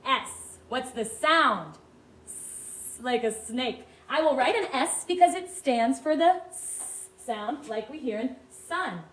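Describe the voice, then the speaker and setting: High-voiced kindergarten teacher, slow and stretched. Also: female voice, lively intonation, fairly bright tone, echoey room, low-quality recording. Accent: Hawaiian English. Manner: slow, stretched-out sounds, read-along prompts. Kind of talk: recorded phonics lesson for young children.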